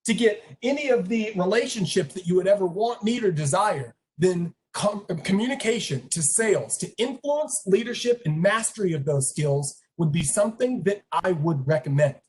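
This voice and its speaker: A speaker at a career meetup giving an animated motivational talk and retelling a story with acted voices. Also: mid-range voice, moderate pace, hardly any pauses.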